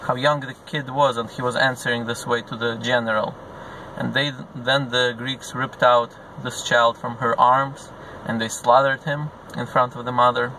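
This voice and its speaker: A man's voice: medium pitch, little pitch movement, normal speed, bright, forceful tone, a little hiss or hum, low-quality recording. A man serving as a religious teacher, retelling a religious story in earnest and acting out the characters' lines as he goes. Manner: acts out the characters' dialogue within the narration; earnest storytelling with a few restarts.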